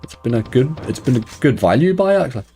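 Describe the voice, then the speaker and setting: A man's voice: mid-range voice, sing-song, fast, soft background music. A man chatting casually on a live stream, greeting viewers and joking wryly while he plays. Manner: wry, laughs softly at his own remarks.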